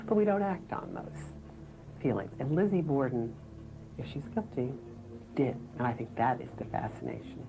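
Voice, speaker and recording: A woman's voice: very deep voice, animated, moderate pace, poor audio. A woman interviewed for a documentary, giving opinionated and sarcastic commentary. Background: music bed.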